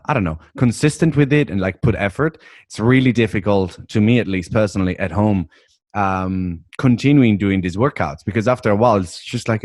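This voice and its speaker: Low-voiced man hosting with enthusiasm. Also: a little mellow, no room sound, studio quality. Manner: enthusiastic, laughs often. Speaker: podcast host. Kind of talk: casual chat.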